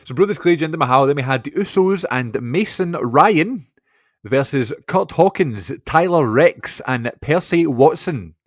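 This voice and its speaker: A man's voice: on the high side, lively intonation, unhurried, dry recording. Chatty Scottish man, dry close sound. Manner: chatty, laughs often, reads out match lists. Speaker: podcast co-host. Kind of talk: casual podcast chat.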